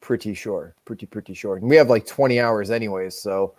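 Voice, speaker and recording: A man's voice: lowish voice, brisk, darkish tone. A man from New Hampshire hosting a casual livestream, profane, joking and boastful. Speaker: livestream host.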